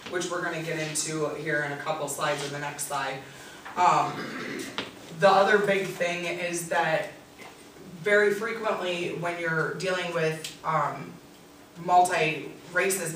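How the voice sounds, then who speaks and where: A tutor giving a practical workshop talk, speaking directly and with many pauses and ums. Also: mid-range voice, a bit bright. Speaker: tutor and SI leader presenting. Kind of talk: workshop presentation. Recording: echoey room, distant mic, faint noise.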